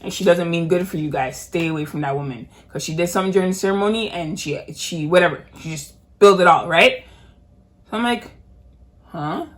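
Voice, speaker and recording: A woman's voice: fairly low pitch, fast talker. A woman co-hosting a podcast, retelling a story in a casual, emphatic way and repeating phrases for effect. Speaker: podcast co-host.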